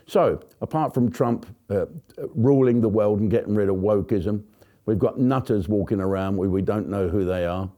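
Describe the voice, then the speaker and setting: A man's voice: on the low side, moderate pace, warm tone. A man hosting a comic news rant, profane and sarcastic, with frequent swearing. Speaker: comedian host.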